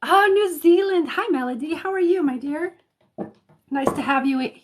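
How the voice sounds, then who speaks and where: A woman's voice: sits high, normal speed, noisy background. A woman from Colorado hosting a live stream, greeting viewers by name in casual chat, laughing often with frequent ums and restarts. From Colorado, United States. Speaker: intuitive reader, live stream host. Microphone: phone or webcam mic, live stream.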